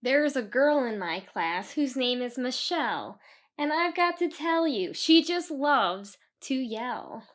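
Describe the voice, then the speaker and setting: A woman's voice: high-pitched, lively intonation, takes it slowly. A woman reading a children's book aloud, stopping for chatty asides to explain the story to kids. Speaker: storybook reader.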